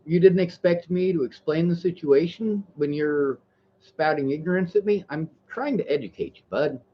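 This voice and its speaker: A man's voice: a little high, moderate pace, dull audio. A man livestreaming, reading viewer messages and lecturing in a heated, profane rant.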